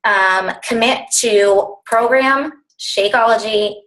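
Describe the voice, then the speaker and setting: A woman's voice: fairly high pitch, slow, rough recording. A young woman coaching her team over a video call, talking bluntly and with lots of fillers. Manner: blunt, animated, filler-heavy.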